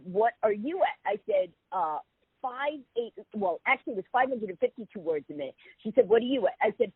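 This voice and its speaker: A woman's voice: mid-range voice, breathy edge, dry recording. A woman guest telling a long comic story in an interview, acting out the quotes as she goes. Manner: animated, quick comic storytelling with voiced quotes. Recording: tinny phone-line sound.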